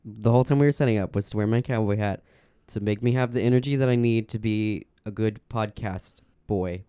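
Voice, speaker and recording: A man's voice: on the low side, a little fast, warm tone, clean tone, no room sound. A man co-hosting a casual podcast, playful and jokey, with plenty of silly asides. He talks into a USB microphone in a room at home, and the sound is dry and close. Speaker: podcast co-host, writer. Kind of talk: casual chat. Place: room at parents' house at night.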